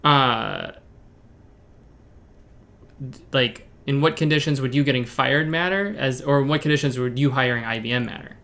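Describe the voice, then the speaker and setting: A man's voice: medium pitch, moderate pace, long pauses, fairly bright tone. A young man co-hosting a podcast, thinking aloud hesitantly in casual conversation. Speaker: podcast co-host.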